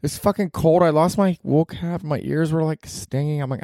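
A male comedian hosting his podcast, rambling casually and profanely, his pitch leaping up for emphasis. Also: moderate pace, mellow, no echo, clean studio sound.

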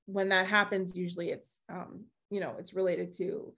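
A woman who is a podcast guest, telling a personal story in a casual, animated way with lots of fillers and laughter. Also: lowish voice, moderate pace. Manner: chatty, with many fillers and acted-out quotes.

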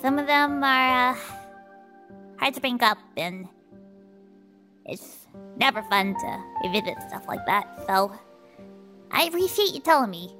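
A woman's voice: sits high, expressive, a little slow, pauses often, pushed and bright, soft background music. A woman playing a tabletop role-playing game, talking in an easygoing, sincere way. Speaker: player. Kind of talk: in-character tabletop role-play.

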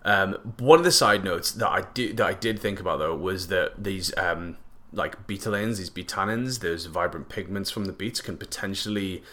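A man's voice: deep voice, normal speed, hardly any pauses, bright, forceful tone. A young man, chatting casually and jokily to camera, rambling with lots of fillers and slang. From northeast England.

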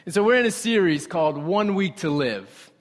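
A young man preaching a sermon with animated storytelling and conversational asides to the congregation. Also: high-pitched, normal speed. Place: church sanctuary. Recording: reverberant hall.

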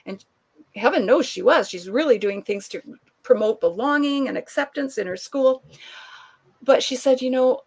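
A woman guest telling a long anecdote in conversation, animated and laughing often, acting out the people she quotes. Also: fairly high pitch, moderate pace, breathy edge. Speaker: author and guest. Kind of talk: conversational storytelling.

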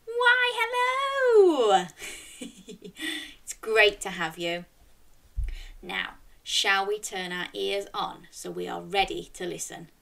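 A woman's voice: fairly low pitch, fairly even intonation, a little slow, vocal fry, bright, forceful tone. A woman hosting a storytime for young children, reading a picture book aloud and coaxing listeners to join in with animal sounds.

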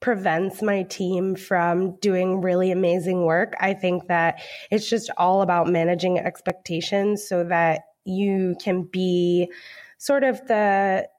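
A woman's voice: lowish voice, steady tone, takes it slowly, a little mellow. A woman who is a project manager, answering as a guest in a casual podcast interview with an upbeat manner.

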